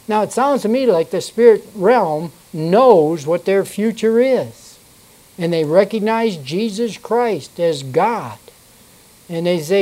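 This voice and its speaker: Slow, mellow-voiced Bible teacher. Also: mid-range voice, lively intonation, rough recording. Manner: unhurried, reads from notes and corrects itself aloud. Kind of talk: reading scripture aloud and explaining it.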